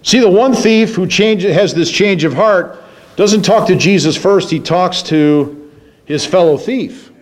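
A man preaching a sermon, moving from low, musing passages to raised, emphatic ones. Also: measured pace. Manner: dramatic, swings between low musing and high emphatic preaching.

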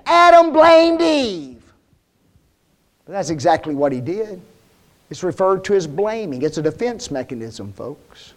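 A male preacher with a high voice that swoops up and down as he talks. He keeps the sermon folksy and plain-spoken and throws question after question at the congregation. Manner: asks the congregation frequent rhetorical questions.

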